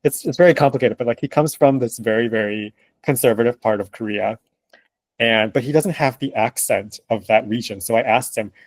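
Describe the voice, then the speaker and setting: A man being interviewed as a translator. He speaks in an animated, emphatic way, laughs often and acts out what other people say. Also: medium pitch, a little fast, no room sound. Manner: animated and emphatic, laughing, acting out quoted remarks. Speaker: translator, guest. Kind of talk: conversational interview answers.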